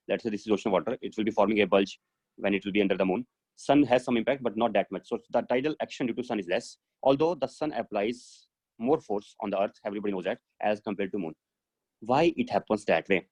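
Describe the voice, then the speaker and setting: A man's voice: fairly low pitch, a little mellow. A man teaching physics in a live online class over a video call, explaining step by step and thinking aloud with many fillers.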